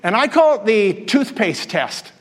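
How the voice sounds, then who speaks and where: A man's voice: high-pitched, sing-song, measured pace. A male pastor preaching a sermon in a conversational way, asking the congregation questions. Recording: long hall reverb.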